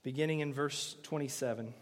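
A man preaching a sermon, earnest and emphatic, moving between loud stresses and hushed lines. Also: mid-range voice, fairly even intonation, a little fast, in a large hall. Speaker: pastor.

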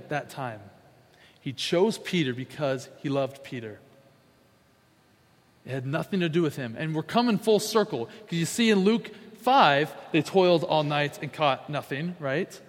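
High-voiced preacher in a reverberant hall. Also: male voice, expressive, moderate pace. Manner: emphatic, repeats key phrases, acts out quotes. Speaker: pastor. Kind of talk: sermon.

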